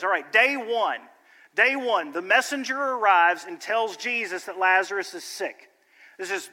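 A man's voice: sits high, bright, forceful tone. A pastor preaching a sermon to his church, conversational and joking, then building to emphatic appeals. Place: church sanctuary. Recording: long church hall reverb.

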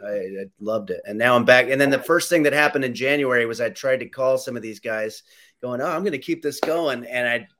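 A man's voice: medium pitch, brisk, a bit bright. A man hosting a casual chat, rambling and self-mocking, often laughing.

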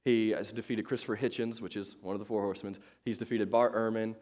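A man's voice: on the low side, level tone, fast talker, darkish tone. Chatty, joking male pastor. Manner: chatty, self-deprecating, with many fillers and restarts. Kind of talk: casual sermon.

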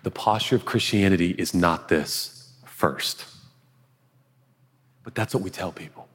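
A pastor preaching a sermon in an earnest, conversational way, now and then dropping to a hush. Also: male voice, deep voice, measured pace, slightly rough, big-room sound. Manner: earnest, conversational preaching with sudden hushed asides. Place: large auditorium.

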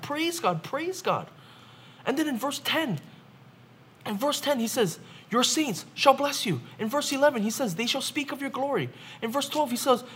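A male pastor delivers a sermon in an emphatic, driving manner. He repeats phrases for weight and presses his listeners with rhetorical questions. A faint hiss of noise sits under his voice. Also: high voice.

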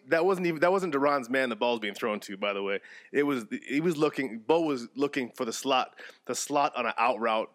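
A man co-hosting a sports podcast in casual chat, animated and jokey, breaking into mock play-by-play. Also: mid-range voice. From Canada. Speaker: podcast co-host.

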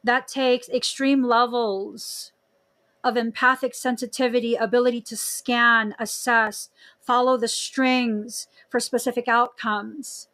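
A young woman hosting a podcast in casual chat, expressive, with frequent laughs and exclaimed reactions. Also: on the high side, takes it slowly. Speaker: podcast host.

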